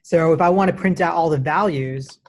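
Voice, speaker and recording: Brief: male coding instructor, relaxed classroom lecture, talks while typing. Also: on the high side, normal speed. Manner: casual, many restarts, says "right?" often.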